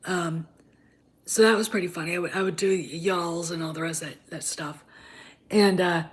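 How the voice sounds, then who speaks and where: A woman's voice: on the low side, fairly even intonation, normal speed. A woman, chatting casually on a livestream and rambling with many fillers and restarts. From Wisconsin, US. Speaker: livestream host.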